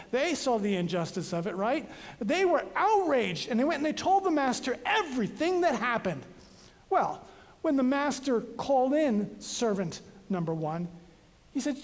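A preacher giving a sermon, reading scripture dramatically with sudden swings between loud and soft, and breaking off for casual asides to the congregation. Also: medium pitch. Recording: long reverb of a large hall.

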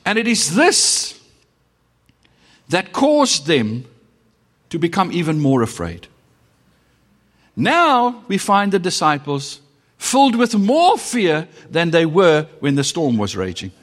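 A middle-aged man with a South African accent preaching a sermon as pastor, with dramatic pauses and sudden shifts between loud and hushed delivery. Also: a little high, huge pitch swings. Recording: long reverb of a hall.

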